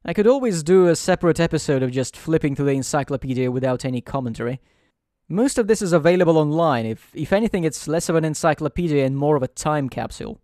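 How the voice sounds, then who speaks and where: A man's voice: on the high side, animated, fast talker, dark tone, no room sound. Dry, sarcastic man commentating a game. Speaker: let's play host. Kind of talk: gameplay commentary.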